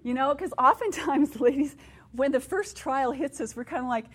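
A middle-aged woman speaking to a women's gathering, telling stories in a chatty, animated way and laughing at her own anecdotes. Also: high voice, normal speed. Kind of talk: sermon.

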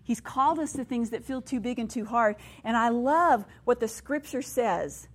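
A middle-aged woman speaking at a women's conference, telling her own story and teaching from the Bible in an animated way that acts out the people she quotes. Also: a little high, normal speed. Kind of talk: personal testimony and Bible teaching.

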